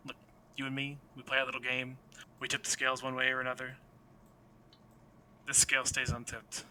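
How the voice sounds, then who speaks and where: A man's voice: completely flat delivery, fairly quick, pushed and bright, slight background noise. A man voicing a weary, defiant man who refuses to give up a friend, speaking with a stubborn, bitter edge. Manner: stubborn, bitter, low-key.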